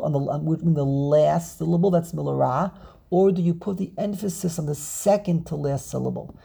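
A man's voice: a little high, creaky, warm tone, breathy edge. A man teaching an online Torah class over a video call, repeating words and drilling pronunciations aloud.

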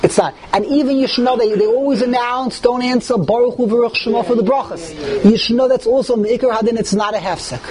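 High-voiced man lecturing emphatically. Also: a little fast, few pauses, a crowd in the background. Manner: emphatic, animated, reads texts aloud and explains them. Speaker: religious teacher. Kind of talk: lecture to a live group.

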